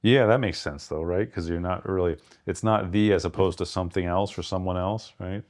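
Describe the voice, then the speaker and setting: Guy with a low voice chatting about poems, thinks out loud, reads the lines slow. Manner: thinks aloud, reads verse slowly with stress. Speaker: podcast co-host. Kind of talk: casual literary discussion.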